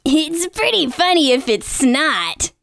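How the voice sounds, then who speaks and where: A woman's voice: high voice, very animated, slow pace, gravelly, a bit bright, no room sound, clean studio sound, exaggerated voice. A woman voicing Doc, a playful, encouraging sidekick who jokes with the host in a children's audio drama.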